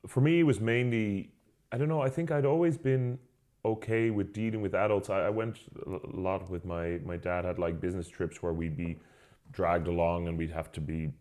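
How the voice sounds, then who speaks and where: A man's voice: sits low, fairly even intonation, normal speed, darkish tone. A man co-hosting a podcast, chatting casually and telling stories loosely, laughing along. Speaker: podcast co-host. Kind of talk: casual chat.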